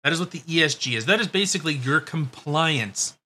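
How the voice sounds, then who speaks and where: A man's voice: fairly high pitch, expressive, brisk, sharp tone. A man hosting a podcast, talking in a blunt, sarcastic, profane way in casual chat. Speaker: podcast host.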